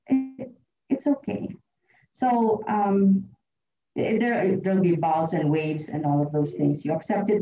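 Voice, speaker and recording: Woman eulogist, heartfelt and chatty, dark mellow tone, distant mic in a roomy space. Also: medium pitch. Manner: heartfelt, chatty, laughs often. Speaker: tribute speaker at a memorial. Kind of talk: personal eulogy. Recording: roomy, distant, dull lo-fi sound.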